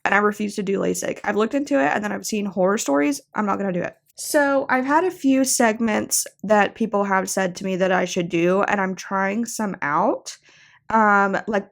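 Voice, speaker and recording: A woman's voice: mid-range voice, vocal fry. A young woman hosting her own show, talking in a chatty, rambling way full of "like" and "y'all". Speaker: podcast host. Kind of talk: casual chat.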